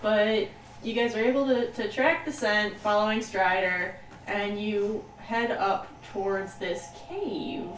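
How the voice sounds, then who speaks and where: A woman running a tabletop game as game master, narrating in a relaxed way with frequent laughs. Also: medium pitch, slow. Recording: echoey room, distant mic, hiss.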